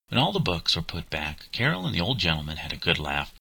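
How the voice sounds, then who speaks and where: A man reading an audiobook chapter in a measured storytelling manner. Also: low-pitched, sing-song, gravelly, sharp tone, husky, no echo, poor audio. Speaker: narrator. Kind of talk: audiobook narration.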